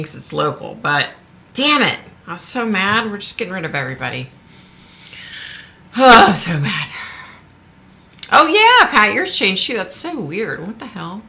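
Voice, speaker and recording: A chatty woman hosts a casual live stream from home, talking straight to her viewers. Her voice sits a little low yet sounds bright and forceful. She speaks frankly and lets the odd curse word slip. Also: creaky. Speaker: livestream host.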